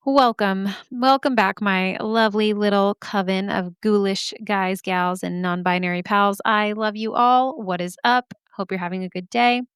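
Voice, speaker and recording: A woman's voice: mid-range voice, fairly even intonation, unhurried, few pauses, fairly bright tone, smooth, no echo, clean studio sound. A woman hosting her podcast in a bubbly, chatty way, laughing often, her throat a little scratchy. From Arizona. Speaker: podcast host. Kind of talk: casual chat. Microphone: studio microphone.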